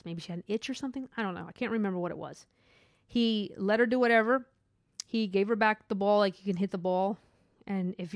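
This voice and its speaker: A woman's voice: mid-range voice, no echo, studio quality. A woman who works in hospital imaging, talking earnestly and rambling with restarts in a casual spiritual monologue. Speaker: hospital MRI worker.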